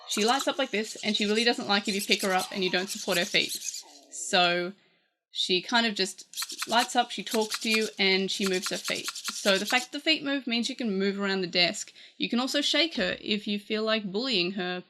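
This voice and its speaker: A woman's voice: medium pitch, moderate pace, noisy background. A woman with an Australian accent, chatting casually through a gadget review, rambling a little with fillers and restarts. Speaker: tech reviewer.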